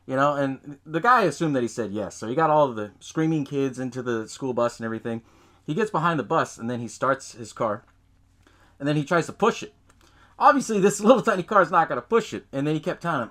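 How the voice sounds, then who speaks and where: A man's voice: mid-range voice, lively intonation, a little fast, fairly bright tone. A man hosting a podcast, recapping a film in loose casual chat, swearing often, laughing and acting out lines from scenes. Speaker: podcast host.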